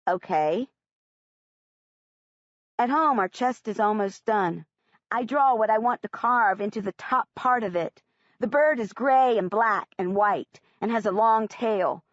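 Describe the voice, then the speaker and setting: A woman narrating a first-person audiobook in an expressive, plain-spoken way. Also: fairly high pitch, unhurried, no echo. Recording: dry, slightly muffled audiobook recording.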